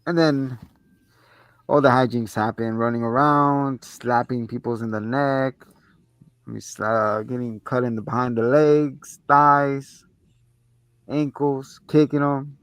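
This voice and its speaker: A man's voice: medium pitch, slow pace, clean tone, dry recording. Slangy man retelling a movie, dry sound. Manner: slangy, animated plot retelling. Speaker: podcast host. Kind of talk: casual movie review chat.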